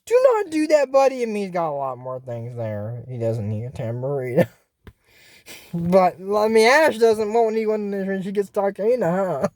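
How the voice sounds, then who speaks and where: An excitable vlogger rambles through a cartoon episode recap, restarting sentences and piling on fillers. The pitch swings up and down a lot, and the voice sits close and dry with almost no room sound. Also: unhurried, no echo. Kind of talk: casual rambling recap commentary.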